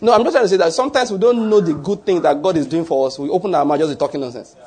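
A man, preaching a slow, emphatic sermon to a congregation as pastor. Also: a little high, a little mellow, a little hiss or hum.

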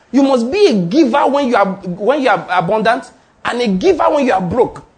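Man, pastor, sermon, high voice, very lively intonation, call-and-response. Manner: emphatic call-and-response preaching.

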